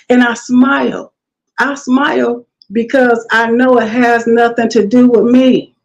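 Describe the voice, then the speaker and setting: A woman's voice: fairly high pitch, slow pace, pauses often, dull audio. A woman guest in a casual interview, telling stories animatedly and acting out what others said. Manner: animated storytelling, quotes others in lively voices.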